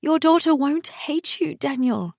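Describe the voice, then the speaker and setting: A woman's voice: measured pace, creaky, darkish tone, dry recording, clean studio sound. Maya, a furious heartbroken woman, read by a woman narrator. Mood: pleading. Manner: emotional, raised and higher than the narration.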